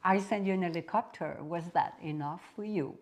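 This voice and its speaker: Brief: woman as God, patient and wryly amused, gently teasing. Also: lowish voice, moderate pace, natural voice.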